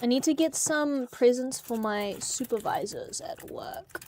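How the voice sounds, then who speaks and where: A young woman from New Zealand, livestreaming as she tidies her bedroom, chats and rambles in an unhurried, slightly high voice with a darkish tone. She hums and sings nonsense syllables along the way, over slight background noise.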